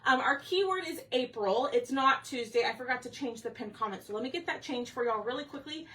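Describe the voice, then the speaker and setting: A woman's voice: high-pitched, animated, quick pace, fairly bright tone, far from the mic. A woman hosting a craft livestream, chatty and a bit scattered, out of breath as she talks to viewers. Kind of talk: casual livestream chat. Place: home craft room.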